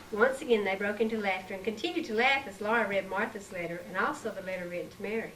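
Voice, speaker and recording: A woman reading her own story aloud in a measured, expressive way, recorded on an old tape. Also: mid-range voice. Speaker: author reading her book. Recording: distant mic, faint hiss, 1990s tape.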